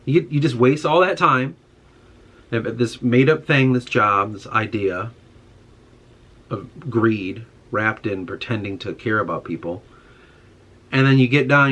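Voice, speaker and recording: A man's voice: medium pitch, steady tone, moderate pace, a bit bright. A young man in a casual monologue, ranting with frustration and heavy swearing. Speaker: podcast host.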